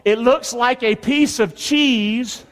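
A man's voice: very high-pitched, slow pace, slight background noise. A middle-aged male pastor preaching a sermon, leading the crowd in call-and-response and hand signs. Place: church sanctuary. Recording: long reverb in a large hall.

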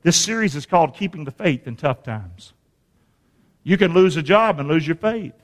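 A man preaching a sermon, quizzing the congregation and rising to shouts at the peaks. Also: on the high side, expressive, moderate pace, big-room sound. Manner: preaching with call-and-response questions to the congregation; rises to shouting at climaxes. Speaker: pastor.

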